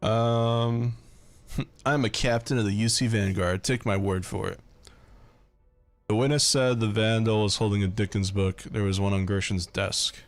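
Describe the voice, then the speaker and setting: Sex: man. Role: streamer. Style: casual game commentary. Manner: deadpan, joking, low voice, soft game music. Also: unhurried. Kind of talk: casual let's-play commentary.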